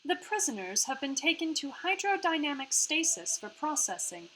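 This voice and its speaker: A woman voicing a calm, measured female AI hologram with a part Australian accent. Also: high-pitched, slight background noise, voice pushed up, exaggerated voice, low-quality recording. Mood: informative. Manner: measured, informative. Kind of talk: reading a visual novel aloud.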